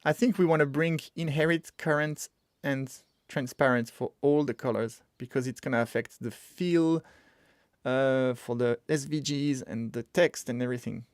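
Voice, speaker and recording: A man's voice: medium pitch, steady tone, moderate pace, no room sound, clean studio sound. A man streaming as he codes, talking casually and muttering to himself while he works. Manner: thinks aloud, mutters to himself while working. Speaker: streamer coding live. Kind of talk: casual live-coding stream.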